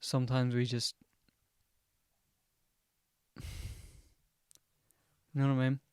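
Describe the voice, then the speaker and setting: A man's voice: mid-range voice, flat delivery, slow pace, darkish tone, smooth, dry recording, studio quality. A young man hosting a podcast, rambling casually and swearing constantly as he chats. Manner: swears constantly, chatty and digressive. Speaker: podcast host.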